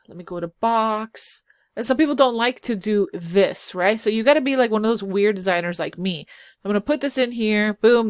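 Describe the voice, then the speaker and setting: Her voice medium-pitched and captured in studio quality with no room sound, a woman who designs websites and hosts a channel walks viewers through website builders over screen share. She's chatty and self-deprecating, thinking out loud while clicking through.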